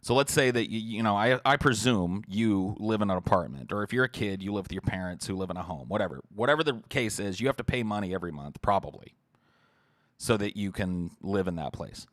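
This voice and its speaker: Ranting, profane low-voiced man. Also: expressive, brisk, no echo, studio quality. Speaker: podcast host. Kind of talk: livestream rant answering chat.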